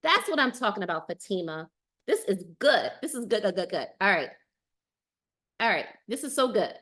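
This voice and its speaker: A woman's voice: mid-range voice, very animated, normal speed, fairly bright tone. A woman dating coach hosting a casual live stream. She reads out viewer comments and answers them with emphatic enthusiasm, repeating phrases for emphasis.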